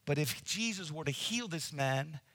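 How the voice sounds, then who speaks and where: A man preaching a sermon, animated, acting out scenes and addressing the congregation directly. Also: a little high, normal speed, dry recording. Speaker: pastor.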